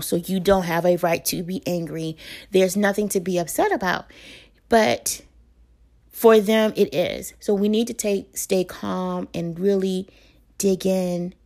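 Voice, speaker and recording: A mother in her thirties or forties talks to the camera, offering parenting advice casually and conversationally, full of fillers and self-corrections. Her voice is medium-pitched with a darkish tone.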